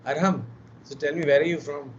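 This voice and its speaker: A man's voice: on the high side, steady tone, brisk. A man with an Indian English accent teaching an online class, chatty and teasing, mixing Hindi into his English, his voice tired and worn. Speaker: lecturer. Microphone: video call. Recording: muffled video call audio with faint noise.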